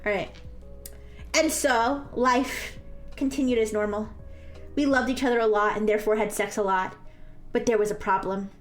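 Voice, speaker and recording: A woman's voice: mid-range voice, fairly even intonation, normal speed, long pauses, faint music behind. A woman streamer reading fanfiction aloud with mock-dramatic, amused asides.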